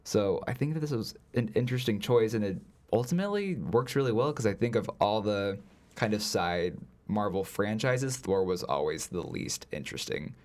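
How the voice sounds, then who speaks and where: A man with a low voice whose pitch swings widely as he talks. He chats casually about a film, rambling along and filling every pause with filler words. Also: expressive, darkish tone. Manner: rambling, heavy use of "like" fillers. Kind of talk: casual film review chat.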